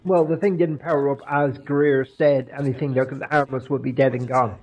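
A man co-hosting a podcast watch-along, dropping dry, jokey asides in a husky voice. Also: mid-range voice, fairly even intonation, moderate pace, dull audio. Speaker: podcast co-host. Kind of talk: casual commentary while watching an episode.

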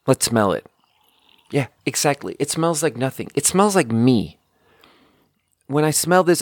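A man's voice: mid-range voice, no room sound, studio quality. A young man hosting a podcast, telling a story in a casual, rambling way and saying "like" a lot. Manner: rambling, conversational, heavy use of "like". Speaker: podcast host.

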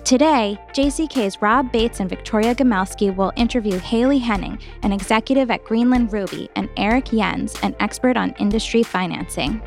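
A woman reading a scripted podcast intro in a clear, polished manner. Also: mid-range voice, moderate pace, few pauses, soft background music. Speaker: podcast announcer.

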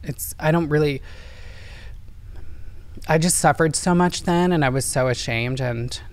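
A woman's voice: low voice, unhurried, no echo. Earnest, emotional woman guest. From Indiana, USA. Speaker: interview guest. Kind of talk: personal storytelling in an interview.

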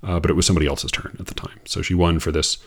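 Sardonic man with a gravelly voice. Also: fairly even intonation, racing, fairly bright tone. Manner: incredulous, exasperated, laughing asides, pitch jumps when mocking. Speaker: poetry critic. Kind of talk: sardonic monologue reading and mocking a review.

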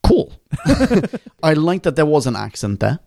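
A man's voice: a little high, measured pace, vocal fry, no room sound. Dry-voiced joking podcast man. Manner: animated, jokey, sweary. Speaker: podcast co-host. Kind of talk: casual chat.

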